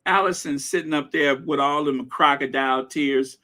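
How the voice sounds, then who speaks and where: A man's voice: fairly high pitch, moderate pace, pushed and bright. A man hosting a gossip commentary video, talking in a sarcastic, indignant way. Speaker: commentary channel host.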